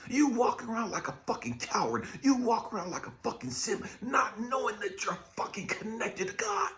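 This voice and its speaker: A man preaching an impassioned spiritual pep talk as a life coach, profane and confrontational, firing rhetorical questions and dropping from shouted rants to low muttering. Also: animated, normal speed. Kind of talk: impassioned motivational preaching monologue.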